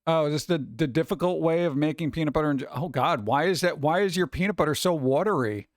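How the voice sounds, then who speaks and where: A man hosting casual reaction commentary, excitable and exclamatory, rambling between remarks. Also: fairly high pitch, fast talker, dry recording, studio quality. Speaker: host.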